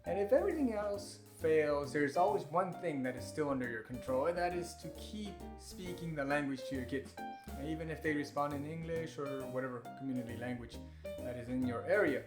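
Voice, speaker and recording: A man's voice: fairly high pitch, expressive, a little fast. Male host, casual chatty wrap-up, roomy sound, guitar music behind. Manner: casual, chatty, self-deprecating. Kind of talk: closing commentary to camera.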